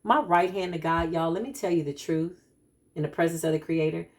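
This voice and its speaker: A woman, a spiritual practitioner speaking to her followers in an animated, emphatic, preacher-like way. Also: on the low side, a little fast. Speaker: spiritual practitioner giving a card reading.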